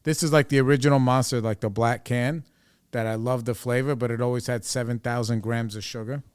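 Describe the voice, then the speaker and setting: A man's voice: mid-range voice, fairly even intonation, fairly quick, darkish tone, slight background noise. A man in his forties hosting a podcast, telling a personal story in a rambling, candid, profane way. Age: 40s. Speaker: podcast host.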